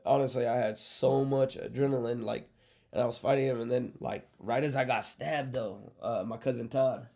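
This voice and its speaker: A man casually telling a story, animated and profane, acting out what people said. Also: mid-range voice, moderate pace, gravelly. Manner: animated, profane, acts out quotes.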